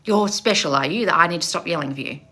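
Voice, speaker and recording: A woman manifestation coach on a live stream, loud and passionate, blunt and confrontational, swearing freely and calling listeners darling. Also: fairly low pitch, quick pace. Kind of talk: live-streamed coaching with read-out viewer questions.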